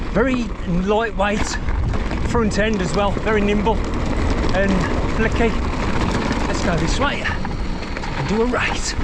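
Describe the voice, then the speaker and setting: A high-pitched man rides and reviews a mountain bike on countryside trails, rambling along in a chatty, self-deprecating way. Heavy background noise runs under his commentary.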